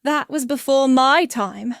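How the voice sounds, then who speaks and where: A woman's voice: high-pitched, takes it slowly, no room sound, studio quality, pitched above the performer's own voice. A woman voicing an arrogant male senior executive who snarls and blusters in a storybook reading. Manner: snarling, later stammering.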